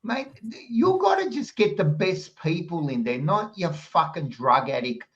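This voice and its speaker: A man's voice: sits high, sing-song, measured pace, fairly bright tone, lo-fi sound. Blunt Australian man arguing hard. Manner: blunt, swears, argues hard. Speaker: podcast host. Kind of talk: heated footy banter.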